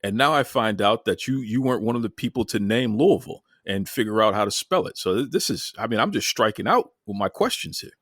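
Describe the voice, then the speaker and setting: A man's voice: fairly low pitch, a little fast, hardly any pauses, dry recording, clean studio sound. A man with a Boston accent hosting a casual podcast interview, joking and stumbling over his words as he teases his guest. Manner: jokey, stammering, lively teasing. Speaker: podcast host.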